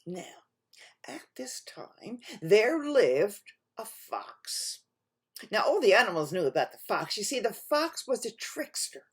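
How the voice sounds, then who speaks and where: Animated husky woman telling a children's story. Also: mid-range voice, unhurried. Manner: animated, addresses children directly, swings between loud and hushed.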